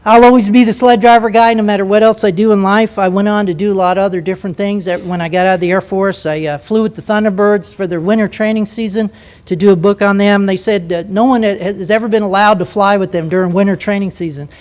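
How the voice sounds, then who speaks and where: Older man, high voice, lively anecdotal storyteller, jokey, acts out other people's lines, giving a talk. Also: fast. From United States. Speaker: speaker at a lecture.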